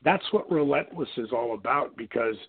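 A man's voice: medium pitch, normal speed, slightly rough. A middle-aged man hosting a radio show, chatting in a casual motivational way, full of fillers, acting out quotes as he tells stories. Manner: animated storyteller, acts out quotes, many fillers. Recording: tinny phone line.

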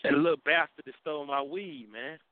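A man's voice: on the high side, steady tone, brisk, no echo. A man hosting a casual call-in morning show, telling a story in a rambling, emphatic way with lots of slang. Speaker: radio show host. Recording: tinny phone line with faint music.

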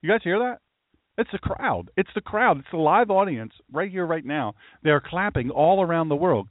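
A man, a pastor, giving a mocking, animated commentary monologue and talking to an imagined audience. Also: fairly high pitch, moderate pace, no echo. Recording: tinny phone-like dry sound.

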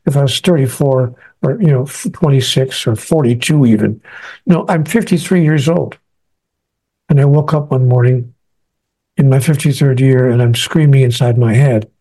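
A man's voice: medium pitch, moderate pace, warm tone, husky. A man being interviewed as an author, telling a personal story earnestly and acting out the lines he quotes. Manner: earnest, acts out quoted speech.

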